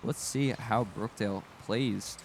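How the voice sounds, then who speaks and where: A young man casting an esports match, giving excitable play-by-play that jumps into loud cheers. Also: on the low side, measured pace, creaky, slight background noise. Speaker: esports caster. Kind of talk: play-by-play game commentary.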